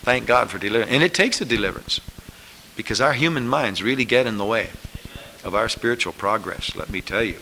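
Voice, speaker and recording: A man preacher delivering a sermon, emphatic and repetitive, rising to loud scripture calls and dropping low for asides. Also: a little fast, a little hiss or hum, poor audio. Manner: emphatic, repeating lines, rising to shouted scripture.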